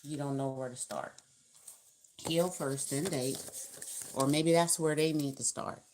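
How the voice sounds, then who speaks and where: A woman's voice: low voice, steady tone, unhurried, a little mellow, slight background noise. A woman giving a casual tarot reading to camera, talking in a chatty, colloquial, rambling way. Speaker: tarot reader.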